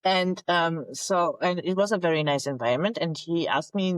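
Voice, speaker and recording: Woman, halting interview talk. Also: on the low side, no room sound, rough recording. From Germany. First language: German. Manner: halting, searching for English words. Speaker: guest, naval officer. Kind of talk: conversational interview storytelling.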